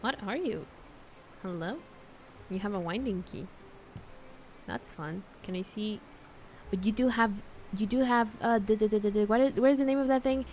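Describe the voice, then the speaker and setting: A woman's voice: medium pitch, moderate pace, pauses often, darkish tone, slight background noise. A young woman streaming a game, chatting casually and rambling, stumbling over words, with hiccups. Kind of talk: casual gameplay commentary. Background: game music.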